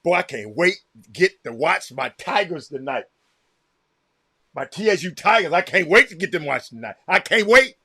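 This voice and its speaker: A man with a Southern American accent hosting a casual livestream, reacting loudly to a game and calling out viewers by name. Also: fairly high pitch, moderate pace, slightly rough, dry recording, clean studio sound. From Texas. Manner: excitable, reacts loudly to a game while chatting; addresses viewers by name, repeats himself. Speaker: livestream host. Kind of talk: casual chat with live viewers.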